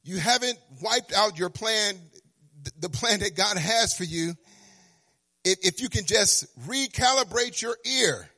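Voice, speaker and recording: High, bright-voiced animated preacher man. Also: measured pace. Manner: animated, acts out dialogues with God, sing-song emphasis; stammering restarts, swings from quiet to loud. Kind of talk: sermon.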